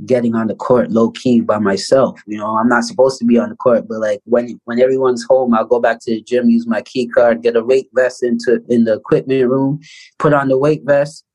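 A man from Canada in his thirties tells a story in a relaxed interview. His voice sits at a middle pitch, and he jumps into loud, lively bursts when he acts out what others said. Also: brisk, low-quality recording. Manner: animated storyteller, acts out quoted voices loudly. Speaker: guest, basketball player.

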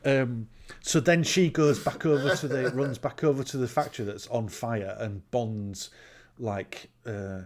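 A man in casual chat, retelling a film scene by scene. He swears freely, laughs along, and slips into quick put-on voices for the characters. His pitch sits in the ordinary middle range. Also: fairly even intonation, background noise. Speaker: podcast co-host recapping a film.

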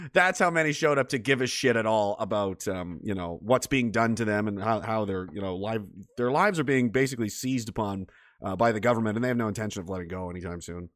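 A man's voice: lowish voice, fairly quick, a bit bright. A man from Nova Scotia hosting a livestream, reading comments in rambling, profane chat and laughing often. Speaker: host.

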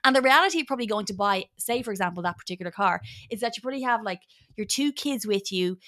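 A woman guest who does voice work, chatting animatedly with quick asides and laughs. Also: mid-range voice, expressive, pushed and bright. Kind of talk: casual chat.

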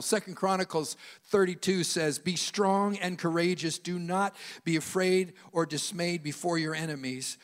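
A man preaching a sermon to a church congregation, acting out biblical dialogue in changing voices. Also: a little high. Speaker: pastor. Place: church sanctuary. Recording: long hall reverb.

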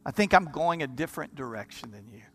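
A man's voice: medium pitch, animated, quick pace, fairly bright tone. A man preaching a sermon, telling his story with passion, repeating and restarting words in bursts. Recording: long hall reverb with music underneath. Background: live keyboard music.

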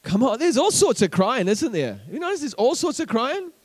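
A man's voice: extremely high pitch, very animated, moderate pace. A man with a New Zealand accent preaching a sermon as pastor, repeating words as he builds and calling out to the congregation.

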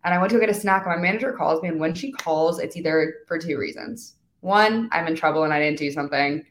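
A young woman in her twenties chats as a podcast guest, her voice sitting a little low. She keeps acting out little quoted exchanges and scatters fillers everywhere. Her voice carries a noticeable room echo. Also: fast, slight background noise. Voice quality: valley-girl filler talk, animated quoting. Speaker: guest influencer. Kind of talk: casual chat.

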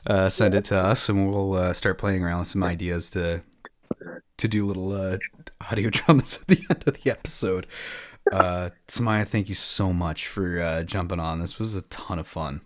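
A young man hosts a podcast in a relaxed, easygoing way, trailing into "uh" between thoughts. His voice sits very low. The sound is dry and close, with no room around it. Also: normal speed, no echo. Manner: laid-back, many "uh" fillers, laughs easily. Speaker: podcast host. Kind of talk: casual podcast chat.

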